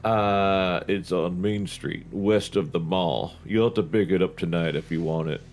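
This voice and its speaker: A man's voice: darkish tone, soft background music. A man doing a sleepy drawling dim teen. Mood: lazy. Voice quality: low slow Southern drawl. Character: sleepy drawling teenage boy, dim and sly. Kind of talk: comic book reading with voices.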